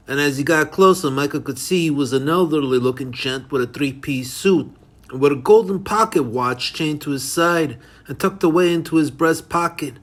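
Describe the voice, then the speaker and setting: A man reads his own thriller aloud as audiobook narration. His voice sits a little high, and he stumbles now and then, correcting himself as he goes. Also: normal speed. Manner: reads unevenly, with small slips and self-corrections. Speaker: author reading his novel.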